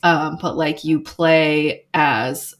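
A woman's voice: low-pitched, fairly even intonation, very slow. A woman who works in video game development, chatting casually and rambling with lots of "like" fillers. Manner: rambling, filler-heavy, frequent "like". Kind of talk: casual chat.

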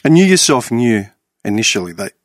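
A man's voice: mid-range voice, sing-song, fairly quick, no room sound, studio quality. A man chatting casually as host, blunt and free with swearing. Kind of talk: casual chat.

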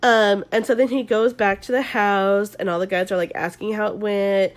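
A woman's voice: mid-range voice, fairly even intonation, moderate pace. A young woman with a Southern Californian accent, sick with the flu, recapping a reality show on her podcast in a chatty, swearing style full of likes and ums. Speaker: podcast host.

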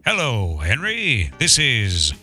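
A pompous, old-fashioned radio announcer, played by a man, speaks in formal, deadpan diction. His tone is bright and his pitch swings widely. Faint music plays underneath. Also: takes it slowly, breathy edge, dry recording, heavily acted. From Midwest. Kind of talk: comedy improv as a vintage radio man.

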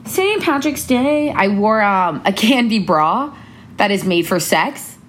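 A woman's voice: medium pitch, very animated, slow pace. A young woman chatting casually with a friend, bubbly and full of "like". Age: young adult. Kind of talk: casual chat recapping the year.

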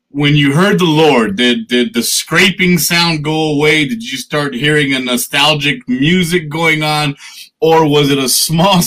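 A man's voice: fairly high pitch, sharp tone, rough recording. A man hosting a casual talk show, asking long rambling questions and laughing often. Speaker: podcast host. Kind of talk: casual interview chat.

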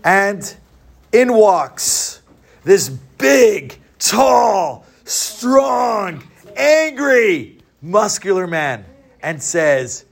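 High, gravelly male storyteller. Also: big pitch swings, very slow. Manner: dramatic, drops to a hush for suspense. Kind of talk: told joke story.

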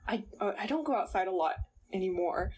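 Giggly woman co-host, husky voice. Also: mid-range voice, expressive, brisk, a little mellow. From Southern California. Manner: giggly, self-deprecating, laughs often. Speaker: podcast co-host. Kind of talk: casual chat.

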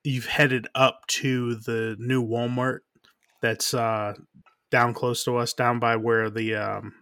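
A man's voice: medium pitch, flat delivery, fairly bright tone, clean tone, no echo, clean studio sound. A married man co-hosting a podcast, telling a meandering anecdote in casual chat. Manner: meandering, halting with fillers. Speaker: podcast co-host.

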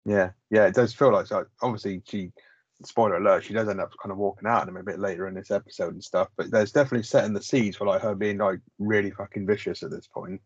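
Fast-talking husky man. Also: on the low side, steady tone, dry recording. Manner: loose, swears, lots of "like". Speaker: podcast co-host. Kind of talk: casual chat about a sitcom. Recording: slightly muffled lo-fi audio.

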